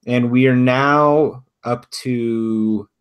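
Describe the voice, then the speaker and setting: A man's voice: medium pitch, fairly even intonation, very slow, clean tone. A man co-hosting a podcast in casual chat, hesitant with many ums and frequent chuckles. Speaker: podcast co-host.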